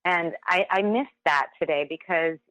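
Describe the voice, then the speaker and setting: A woman's voice: lowish voice, moderate pace, a bit bright, no room sound, poor audio. A woman, a singer and actress, chatting as a podcast guest in an upbeat way and laughing often. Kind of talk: casual interview chat.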